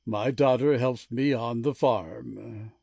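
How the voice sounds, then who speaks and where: A man voicing a middle-aged English gentleman turned simple farmer in an amateur full-cast dramatic reading, explaining in a measured, earnest way. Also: medium pitch, steady tone, creaky, no room sound, clean studio sound.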